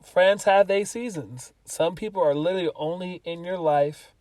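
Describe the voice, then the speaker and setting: A man's voice: high voice, moderate pace, dry recording, recorded from a distance. A young man co-hosting a podcast, chatting casually and joking from inside a car. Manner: animated, joking, laughs often. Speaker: podcast co-host. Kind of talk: casual chat.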